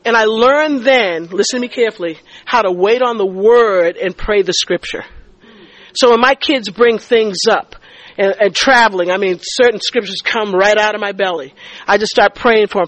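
A woman's voice: mid-range voice, normal speed, no echo, low-quality recording. A middle-aged woman giving a faith testimony and teaching, telling her story vividly and acting out the dialogue. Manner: animated storyteller who acts out dialogue and stammers in excitement. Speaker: speaker teaching a faith group.

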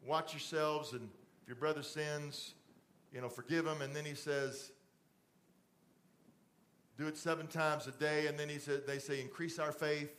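A middle-aged man preaching a conversational sermon in a church, dropping to a soft fatherly voice for asides. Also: a little high, fairly even intonation, measured pace, long pauses. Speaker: pastor. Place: church stage with TV lights.

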